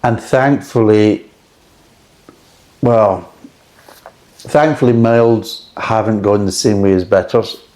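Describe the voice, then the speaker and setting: A man's voice: lowish voice, takes it slowly, long pauses, darkish tone. A middle-aged man chatting casually and frankly as he reviews a beer, rambling between thoughts.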